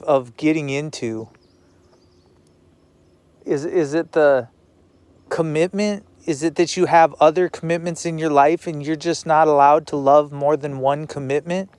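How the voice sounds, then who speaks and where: Man, personal vlog monologue, slow and rambling, slightly high, dry close sound. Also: a little mellow, clear, resonant tone, dry recording. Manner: rambling, repeats himself, swears.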